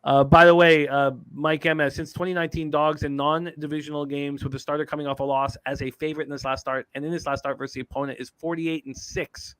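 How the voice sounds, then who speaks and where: A man's voice: fairly high pitch, level tone, fast talker, few pauses, fairly bright tone, clear, resonant tone, no echo. Man reading betting stats, dry sound. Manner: reads stats and chat comments, fillers. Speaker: sports betting show host. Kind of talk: live sports betting talk.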